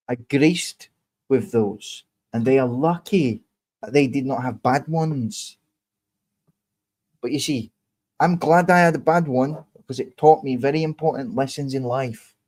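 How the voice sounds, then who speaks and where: A man from England hosts his own online show in a blunt, combative monologue. He speaks slowly and deliberately at a middle pitch, swearing freely and hammering the same points again and again as he lectures his viewers. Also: darkish tone. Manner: slow, deliberate, repeats points. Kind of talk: casual monologue answering viewer comments.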